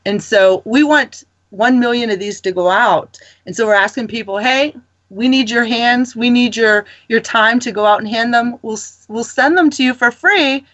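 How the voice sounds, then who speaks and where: A woman guest on a ministry talk show, telling stories in a lively, rambling way and laughing often. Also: on the high side, moderate pace, no echo, highs cut off. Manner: animated storytelling, laughing often. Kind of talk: casual chat.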